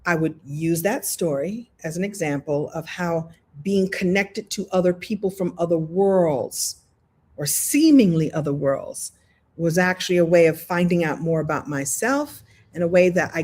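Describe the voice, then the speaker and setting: A husky-voiced woman talks on a live video call as host of a coaching challenge. She is animated and playful, acts out other people's voices in her stories, and laughs easily. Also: lowish voice. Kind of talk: live online workshop talk, storytelling.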